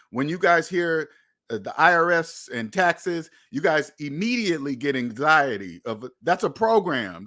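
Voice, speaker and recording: A man hosting a finance channel speaks in a fairly high voice. He talks straight to his viewers in an emphatic, repetitive way, with the odd swear word thrown in. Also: bright, forceful tone. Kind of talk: casual monologue commentary.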